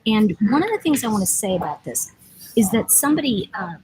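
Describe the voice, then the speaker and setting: A woman hosts a loose, digressive livestream from an airport lounge, reading and answering viewer comments in a casual, teasing way. Her voice sits at an ordinary middle pitch. Faint noise hums behind her. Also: big pitch swings, a little fast. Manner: rambling, chatty, digressive, teasing. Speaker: livestream host and oracle deck author.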